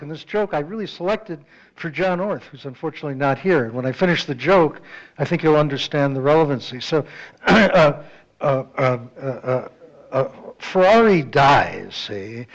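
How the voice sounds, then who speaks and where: A man giving a talk at a community club meeting, telling a joke and chatting casually with the audience. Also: a little high. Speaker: guest speaker. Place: meeting hall. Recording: dull lo-fi audio.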